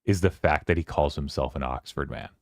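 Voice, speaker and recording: A man's voice: rumbling low, a little fast, dry recording, clean studio sound. A man hosting a casual book club discussion on a stream, rambling and paraphrasing scenes from the story.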